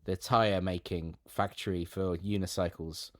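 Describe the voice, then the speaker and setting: A man's voice: low voice, fairly even intonation, measured pace, no room sound, clean studio sound. A man co-hosting a podcast over a remote call, chatting casually and going off on jokey tangents with lots of restarts. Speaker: podcast co-host. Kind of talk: casual chat.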